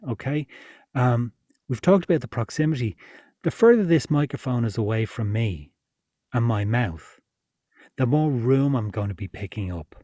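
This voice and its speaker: A man's voice: mid-range voice, mellow, no room sound, studio quality. A man giving a chatty, informal workshop lesson, laughing now and then as he explains. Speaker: podcast production instructor. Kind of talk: casual workshop teaching.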